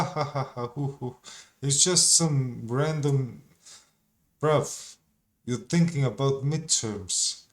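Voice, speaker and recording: A man gives casual reaction commentary in an exasperated, slangy way, sprinkling in swear words. He takes his time with each thought. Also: mid-range voice. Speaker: video commentator.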